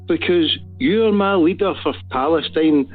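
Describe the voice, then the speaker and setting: A Glaswegian man calls in over a tinny phone line, his voice sitting fairly high. He talks fervently and rambles in a devout way. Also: a little slow, soft background music. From Glasgow, Scotland. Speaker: caller. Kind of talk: call-in phone chat.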